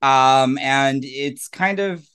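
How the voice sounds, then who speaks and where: A man's voice: mid-range voice, drawn-out words, a bit bright, clean tone. A man appearing as a podcast guest, chatting casually in a playful, giggly way.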